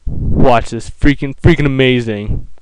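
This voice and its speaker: A man with a smooth, resonant voice at an ordinary middle pitch talks through a video game in a loose, sarcastic way. He swears freely and trips over his words as he goes. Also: unhurried, rough recording. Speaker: let's play commentator. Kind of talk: casual gameplay commentary.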